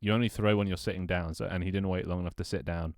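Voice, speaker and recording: A man on a live stream, grumbling and swearing between easy laughs. His voice sits low and comes through smooth and resonant, recorded dry and close on a desk mic in a small room at home. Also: steady tone, fast talker, dry recording. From United Kingdom. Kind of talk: casual live-stream chat.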